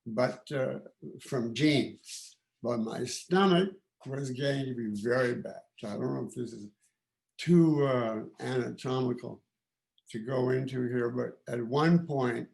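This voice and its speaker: A man in his eighties, originally from Canada, giving informal remarks at a celebration in a halting, reflective way, with many pauses and restarts. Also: medium pitch, creaky, darkish tone. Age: 80s. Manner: reflective and candid. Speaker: guest of honour giving remarks.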